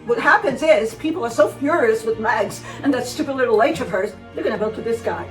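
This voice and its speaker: A woman's voice: on the high side, expressive, fairly quick. Sarcastic woman vlogger in a roomy space. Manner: sarcastic and scolding, repeats words. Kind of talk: casual commentary. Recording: roomy sound, distant mic, faint music.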